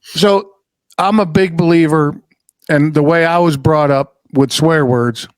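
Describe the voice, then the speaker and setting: A middle-aged man hosting a podcast, telling a story in casual chat, animated and swearing freely. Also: fairly high pitch, a little slow, no room sound. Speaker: podcast host.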